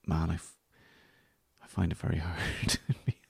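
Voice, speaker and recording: A man's voice: sits low, level tone, moderate pace, gravelly, breathy edge, no room sound, clean studio sound. An Irish man hosting a podcast, signing off in a rambling, self-deprecating way that trails off into near-whispers. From Ireland. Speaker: podcast host. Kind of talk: casual solo podcast sign-off.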